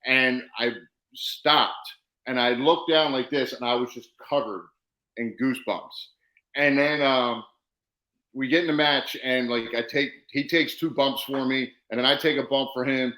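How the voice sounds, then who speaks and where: A man, a professional wrestler, casually telling animated stories and acting out quoted dialogue. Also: mid-range voice, measured pace, roomy sound, low-quality recording. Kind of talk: casual storytelling.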